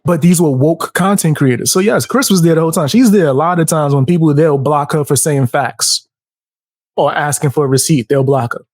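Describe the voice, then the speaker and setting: A man's voice: on the high side, a little fast, a little mellow, no room sound, clean studio sound. A man hosting a casual podcast chat, telling stories animatedly and acting out quotes in a raised voice. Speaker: podcast host.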